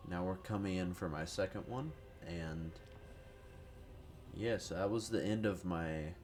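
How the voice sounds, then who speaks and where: Slightly slow and darkish in tone, his low voice comes with a bit of background noise. Under the weather with a cold, this gaming YouTuber gives loose, profane, self-mocking commentary while playing a strategy game.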